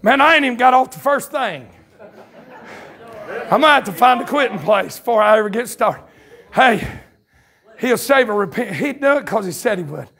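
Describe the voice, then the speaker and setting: A man with a Southern US accent preaching a revival sermon in a church, shouting his lines in a fiery way, with folksy turns of phrase, quick asides and chuckles. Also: extremely high pitch, expressive, creaky. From North Carolina, USA. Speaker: pastor. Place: church sanctuary at a campmeeting. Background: congregation calling out responses.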